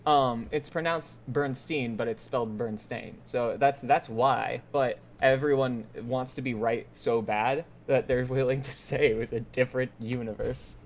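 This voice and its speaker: A man's voice: mid-range voice, steady tone, normal speed, hardly any pauses, a little hiss or hum. A man co-hosting a podcast, rambling casually with lots of fillers. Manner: rambling, uses many fillers. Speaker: podcast co-host. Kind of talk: casual chat.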